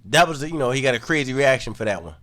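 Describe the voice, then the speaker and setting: A man giving casual commentary, relaxed and low-key, full of "you know" fillers. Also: fast talker.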